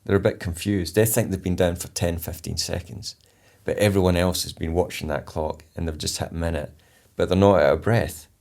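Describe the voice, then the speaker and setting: Deep gravelly man telling a story. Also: fairly even intonation, a little fast, hardly any pauses, a little mellow. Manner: vivid storyteller who re-enacts his own instructions. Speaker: polar explorer and charity founder, interview guest. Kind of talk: conversational storytelling interview.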